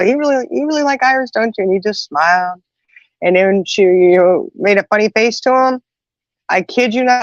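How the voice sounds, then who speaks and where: A woman's voice: mid-range voice, dry recording. Middle-aged woman just chatting away telling stories, lots of asides, kinda muffled dry mic. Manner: chatty, animated retelling with many asides. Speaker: host. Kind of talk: casual storytelling chat. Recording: dull, slightly muffled sound.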